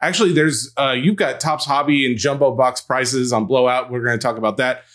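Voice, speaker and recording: A man in his thirties co-hosting a sports card podcast in casual banter, talking animatedly with big pitch jumps for emphasis. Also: fairly even intonation, brisk, a bit bright. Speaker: podcast co-host.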